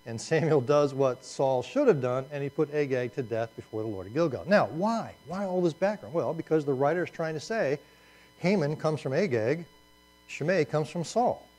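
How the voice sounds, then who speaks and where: A man's voice: on the high side, expressive, moderate pace, a little mellow, low-quality recording. A man teaching a Bible class in a conversational way, asking rhetorical questions and adding asides.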